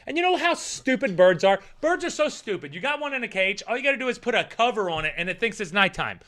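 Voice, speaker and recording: A man's voice: high-pitched, animated, quick pace, pushed and bright. A young man streaming live, reading out chat comments and ranting with plenty of swearing.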